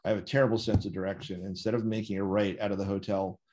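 A slightly low-voiced American man spins long anecdotes as an interview guest over a video call. He wanders through his stories, breaks off with "um" and "you know", and corrects himself midway. The talk is loose and conversational. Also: flat delivery, quick pace, darkish tone. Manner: rambling anecdotes with many fillers and self-corrections. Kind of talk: storytelling in a conversation.

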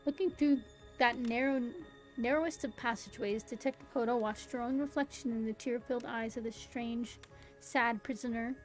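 A woman's voice: fairly high pitch, fairly even intonation, normal speed, rough recording. A young woman streamer reading a game's story aloud in a theatrical style, breaking off now and then for amused asides. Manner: theatrical narration broken by giggly asides. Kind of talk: dramatic read-aloud with asides. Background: faint background music.

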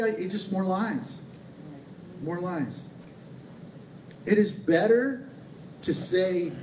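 Heard from a distance in a reverberant church sanctuary, a male pastor delivers a conversational sermon with playful asides. His high voice moves slowly with frequent pauses, and there's a faint hiss or hum on the recording.

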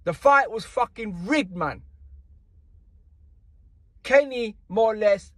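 A man with a high, husky voice rants in casual boxing commentary. He sounds indignant and slangy and keeps circling back to the same points. The sound is dry and close, with no room around it. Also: lively intonation, takes it slowly, no room sound.

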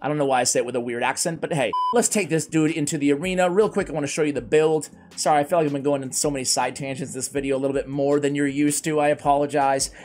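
Male game-guide host, slightly high voice, loose and self-mocking, conversational commentary. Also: steady tone, fast talker, few pauses, darkish tone, faint music behind. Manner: chatty, self-deprecating, rambling asides.

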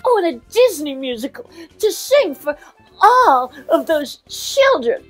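Actress doing a scatterbrained older diva: high, swooping voice, gushing and rambling, faint music behind. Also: female voice, sing-song, unhurried. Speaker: comic impressionist. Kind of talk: comic celebrity impression monologue.

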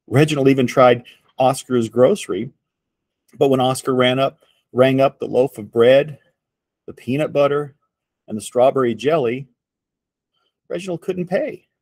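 A man reading a picture book aloud to children in an expressive storytelling voice. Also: medium pitch, dry recording. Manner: slow, expressive read-aloud.

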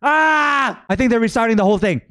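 A young man from the Philippines reacting live to a game stream, exclaiming, shouting and swearing as his voice cracks. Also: high-pitched, animated, normal speed. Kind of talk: excited live reaction commentary.

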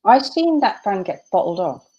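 A woman's voice: medium pitch, very animated, normal speed, warm tone, husky, highs cut off. A woman author chatting as a guest, enthusiastic and chatty with casual British slang. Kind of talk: casual chat.

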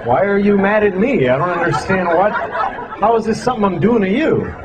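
A man's voice: sits high, lively intonation, fairly quick. A man doing a stand-up comedy set on a club stage, telling stories with exasperated, profane asides. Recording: dull lo-fi live recording with loud crowd noise.

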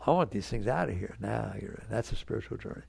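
A man's voice: fairly low pitch, lively intonation, fast, gravelly, a little mellow, slightly rough, dry recording. A man giving a spiritual talk to an audience, earnest and conversational, coaxing his listeners along. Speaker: spiritual teacher.

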